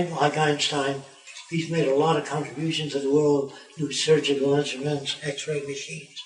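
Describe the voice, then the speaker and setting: A man's voice: a little high, roomy sound, recorded from a distance, a little hiss or hum, poor audio. Old man telling a story off-mic. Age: over 90. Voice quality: rambling, animated storyteller. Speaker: tour guide and futurist. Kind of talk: casual guided talk to visitors.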